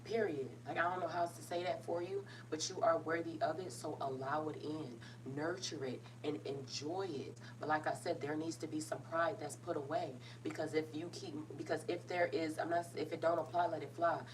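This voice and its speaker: A woman's voice: low voice, steady tone, moderate pace, few pauses. A woman giving a casual tarot reading, talking bluntly and emphatically, full of slang and swearing. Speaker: tarot reader. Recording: somewhat distant mic with faint noise.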